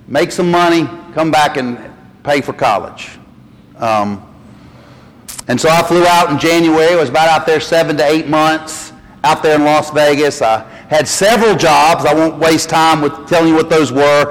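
A middle-aged man from the North Carolina mountains, with a Southern accent, preaching a sermon in a folksy storytelling way. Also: a little high. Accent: Southern US, western North Carolina. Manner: folksy storytelling, animated when quoting. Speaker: pastor. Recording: long reverb of a church hall.

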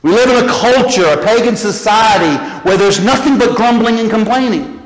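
A man preaching a sermon as pastor, animated and repeating key phrases. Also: sits high, moderate pace. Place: church sanctuary. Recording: echoey church hall.

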